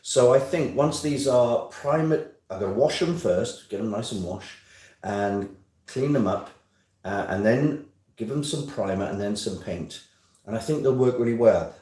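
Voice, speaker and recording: A man's voice: medium pitch, warm tone. Man, casual live stream chat, self-mocking humor, phone on a stand, echoey room, distant mic. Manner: chatty, jokey, self-mocking. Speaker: host of a weekly live stream. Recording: roomy sound, phone some distance away.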